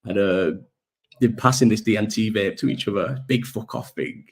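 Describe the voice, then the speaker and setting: A man's voice: fairly low pitch, normal speed. Rambling sweary man chatting. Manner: rambling, sweary, laughs often. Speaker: live-stream chat host. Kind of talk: casual live-stream chat.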